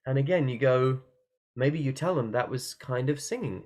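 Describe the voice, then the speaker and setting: With a medium-pitched voice, a man leads an online singing workshop in a casual way from a room at his computer. He often breaks into quick sung and yelled demos.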